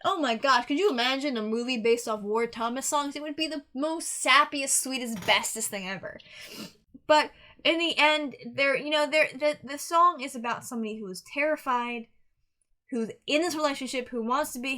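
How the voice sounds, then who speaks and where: Young woman, music reaction host, earnest and rambling; slightly high, bright voice. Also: moderate pace. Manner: rambling, earnest, with frequent restarts and fillers. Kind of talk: casual song review monologue.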